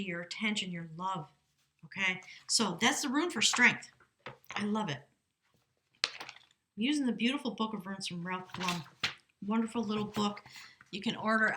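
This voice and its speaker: A woman's voice: mid-range voice, pushed and bright. A middle-aged woman giving a chatty, enthusiastic tarot reading, now and then reading aloud from a book. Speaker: tarot reader. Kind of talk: casual spoken tarot reading.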